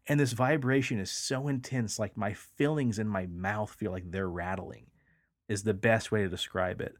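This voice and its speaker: Male podcast host, lower register, close dry sound, loose filler-heavy storyteller who swears casually. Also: normal speed, dry recording.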